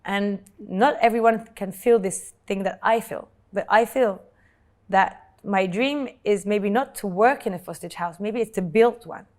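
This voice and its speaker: A woman, telling her own life story as an interview guest in an earnest, halting way, often repeating words when moved. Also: mid-range voice, a little mellow. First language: French. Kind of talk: emotional personal storytelling. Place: Dubai.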